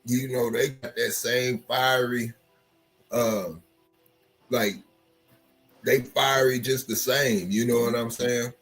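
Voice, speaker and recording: A man's voice: medium pitch, steady tone, slow pace, long pauses, a bit bright, faint music behind. A man in a casual podcast chat, speaking hesitantly with many fillers.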